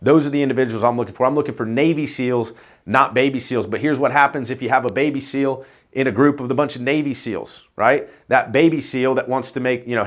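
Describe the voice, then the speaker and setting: Speaking fairly quickly in a mid-range voice, the same agency owner delivers off-the-cuff vlog coaching for insurance agents. He rambles loosely, swears casually, and frequently tags "right?" onto what he says.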